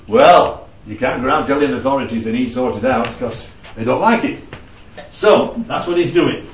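Lively man leading a Bible study. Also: medium pitch, moderate pace. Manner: conversational, keeps checking in with "right?" and "yeah?". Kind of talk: informal Bible study teaching. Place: room with a small group. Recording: roomy, distant, dull lo-fi recording.

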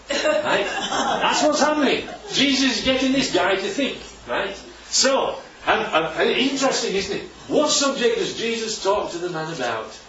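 Man preaching, high animated voice, chatty, roomy hall, far from the mic. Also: a little hiss or hum. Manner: lively, chatty, asks the room questions. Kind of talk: sermon. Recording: echoey hall from far off, dull.

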